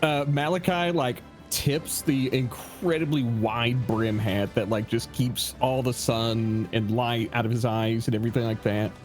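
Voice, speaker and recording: A man's voice: mid-range voice, fairly even intonation, unhurried, few pauses, faint music behind. Male player describing his character. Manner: descriptive, many fillers. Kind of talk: tabletop game play.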